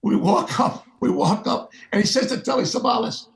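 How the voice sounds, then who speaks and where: High and gravelly, the voice belongs to an older man who is a guest musician in a sit-down interview. He talks at normal speed and animatedly acts out the people in the stories he tells.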